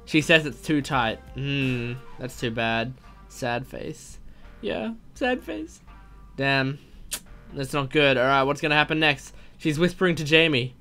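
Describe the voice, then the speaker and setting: A man reading a text story aloud and reacting excitedly as it unfolds, gasping and exclaiming at every twist. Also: medium pitch, normal speed, soft background music. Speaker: gaming video host.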